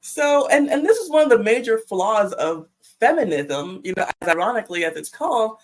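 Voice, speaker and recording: A woman's voice: a little high, sing-song, brisk, low-quality recording. Hesitant woman guest in a discussion. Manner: hesitant, many "um" and "like" fillers. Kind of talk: casual group discussion.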